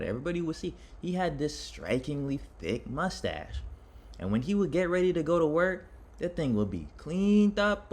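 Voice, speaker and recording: A man giving an impassioned personal monologue to his viewers. He talks in a dramatic, rambling way, restarting his sentences and speaking straight to his audience. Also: a little high. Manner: dramatic, addresses listeners directly. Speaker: vlogger on self-improvement.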